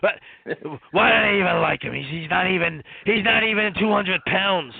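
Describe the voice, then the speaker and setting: A man doing an impression of a blustering old male wrestling boss, with a raspy, manic crackhead-style voice on a podcast. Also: high-pitched, moderate pace. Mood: scheming. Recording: tinny phone-like line.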